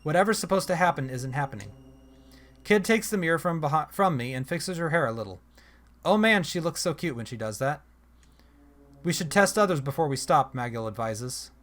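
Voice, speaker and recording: Man narrating a text game, somewhat high voice, casual reading, chatty asides, self-corrections. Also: expressive, brisk, fairly bright tone. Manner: chatty, self-correcting, reads aloud then comments. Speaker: let's play host reading a text adventure.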